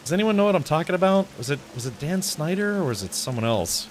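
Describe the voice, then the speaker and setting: A man live-streams a video game, chatting casually with viewers in a fairly high, sing-song voice at a fast pace, with slight background noise. He rambles, laughs often, and keeps restarting his sentences.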